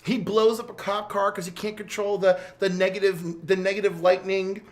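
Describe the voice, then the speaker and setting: A man's voice: high-pitched, normal speed, a little hiss or hum. A man co-hosting a casual chat, telling stories animatedly with many fillers. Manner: animated storyteller, full of "like". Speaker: co-host. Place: game store.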